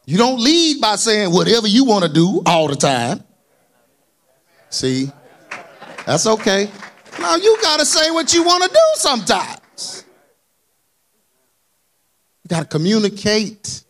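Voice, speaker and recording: A man preaching a sermon in a colloquial, animated way, asking the congregation for amens. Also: high voice, unhurried, pauses often, slight background noise. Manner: colloquial, dropped verbs and y'all.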